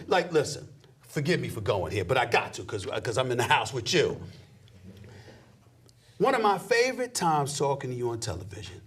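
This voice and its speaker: A man's voice: a little high, huge pitch swings, normal speed, a bit bright, husky. A middle-aged man talking emphatically and preachily in a heated sports conversation. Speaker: sports commentator guest.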